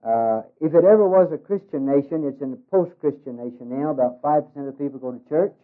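A man's voice: mid-range voice, quick pace. A man giving a humorous talk as a ministry worker, in a folksy way with many hesitations. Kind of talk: humorous speech with jokes. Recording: tinny phone-like radio recording.

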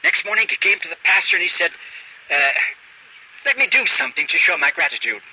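A man's voice: fairly high pitch, sing-song, a little fast, bright, forceful tone, breathy edge. A man preaching a sermon, telling a story and acting out the characters' dialogue, on a dull lo-fi recording with faint hiss.

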